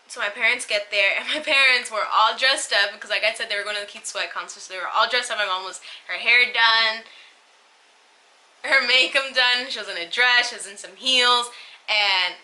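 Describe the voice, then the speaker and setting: A young woman telling a personal story on her vlog in a casual, halting way, turning tearful. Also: medium pitch, bright, forceful tone, low-quality recording. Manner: emotional, tearful retelling, halting. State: crying at times. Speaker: vlogger.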